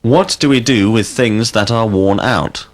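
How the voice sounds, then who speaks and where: A male teacher leading a scripted language drill, asking questions slowly and deliberately and calling out single words as prompts. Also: lowish voice. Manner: slow, deliberate questioning with clear word prompts.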